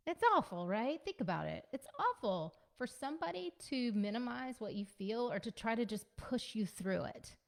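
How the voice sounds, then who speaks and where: A woman giving a casual teaching talk to parents as a parenting coach, conversational and gently instructive, repeating her key points. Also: a little high, expressive, normal speed, vocal fry, few pauses. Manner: conversational, frequent fillers like "you know" and "like".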